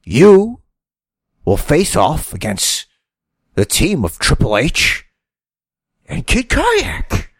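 A man's voice: fairly high pitch, wildly swooping pitch, extremely slow, long pauses, husky, dry recording, clean studio sound, pitched above the performer's own voice, heavily acted. A man playing a scheming older male wrestling boss, announcing a match with mock grandeur.

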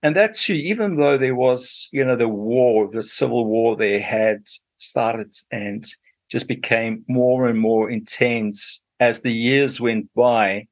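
A man's voice: mid-range voice, takes it slowly. A middle-aged man from Zambia with a Zambian accent, a radio interview guest telling his story unhurriedly with many fillers.

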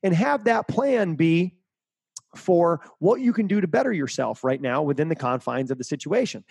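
A man's voice: fairly high pitch, lively intonation, normal speed, creaky, a little mellow, husky, dry recording. A middle-aged man giving interview answers as a mental performance coach, speaking emphatically and repeating key phrases.

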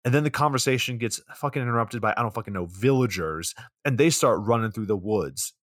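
A man's voice: fairly low pitch, expressive, brisk, a bit bright, dry recording, studio quality. A man co-hosting a podcast, recapping a movie with sarcastic, profane play-by-play narration. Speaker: podcast co-host.

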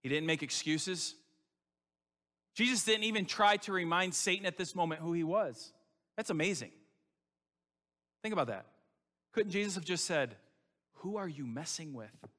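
A male pastor delivers a sermon in an emphatic, conversational style, often turning to his listeners with questions. His voice is bright and forceful and sits a little high for a man. A long reverb trails each phrase, as in a large sanctuary. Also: lively intonation, normal speed, pauses often.

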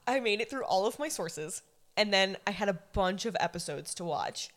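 A woman's voice: mid-range voice, lively intonation, moderate pace, a bit bright. A young woman co-hosting a podcast, talking eagerly in a rambling casual way and laughing often. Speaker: podcast co-host. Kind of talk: casual chat.

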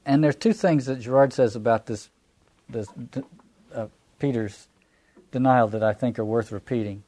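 Man, Southern American accent, mellow warm tone, thoughtful lecture, rhetorical questions. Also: medium pitch, moderate pace. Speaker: lecturer on scripture. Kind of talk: reflective lecture.

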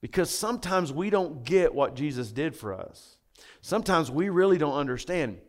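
Male pastor, emphatic, impassioned sermon delivery, slightly high pitch. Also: expressive, moderate pace. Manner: impassioned, emphatic preaching with repetitions.

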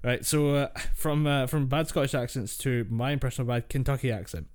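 A man co-hosting a podcast in casual chat, joking, sweary and relaxed. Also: mid-range voice, a little fast. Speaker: podcast co-host.

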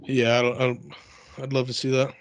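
Deadpan male co-host, monotone ribbing, dry close sound. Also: medium pitch, a little fast, no room sound. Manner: deadpan teasing, swearing. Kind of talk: casual chat.

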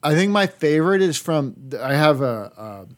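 A man's voice: a little high, big pitch swings, measured pace, crowd noise. A man from Boston, an actor, talking casually and rambling, swearing freely as he chats. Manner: rambling, swearing, self-deprecating. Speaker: actor, podcast guest. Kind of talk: casual chat.

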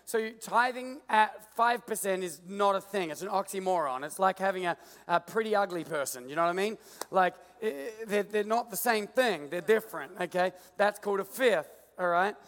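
A man with an Australian accent preaching a sermon with playful jokes and an animated stage illustration in a large church auditorium. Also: sits high, moderate pace, long reverb tail. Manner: playful, joking, animated with the crowd. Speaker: pastor.

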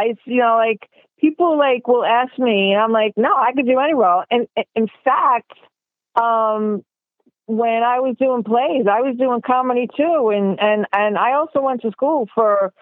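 An actress from New York, whose mild New York accent is mixed with a Californian one, chats casually as an interview guest, using lots of fillers and restarts. Her pitch is fairly high and her pace measured. There's no room sound, and the audio comes through a tinny phone line.

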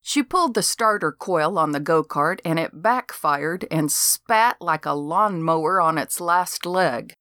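An older woman narrating a comic novel in first person, with a dry, deadpan delivery. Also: low-pitched, measured pace, hardly any pauses, dry recording. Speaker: audiobook narrator.

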